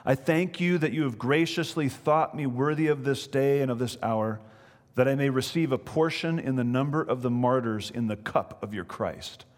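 A man voicing a calm and resolute old male martyr who speaks solemnly and steadily. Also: medium pitch, moderate pace, in a large hall, close to an everyday voice.

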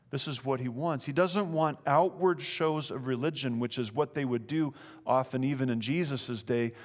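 A man preaching in a church sanctuary, reading scripture aloud and then expounding on it. His delivery is earnest and emphatic, often doubling back on phrases for weight. A long reverb from the big room trails behind each line. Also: mid-range voice. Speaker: pastor.

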